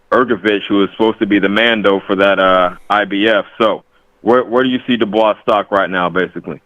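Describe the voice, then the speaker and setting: A man from the Bay Area calls in and chats politely, with many fillers. His voice sits a bit low and comes through a dull, dry line. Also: a bit bright, dry recording. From Bay Area, California. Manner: chatty, polite, filler-heavy. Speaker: caller. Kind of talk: casual call-in chat.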